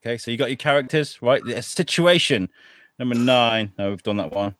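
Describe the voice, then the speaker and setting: A man's voice: medium pitch, fairly quick, fairly bright tone, dry recording, studio quality. A man, hosting and setting up improv games in chatty, stop-start talk. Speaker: podcast host. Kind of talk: casual chat, running improv games.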